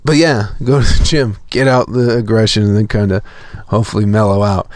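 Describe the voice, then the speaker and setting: A man's voice: on the low side, steady tone, a little fast, darkish tone, no echo, clean studio sound. A young man telling a profane, exasperated story as a podcast host in a casual comedic rant.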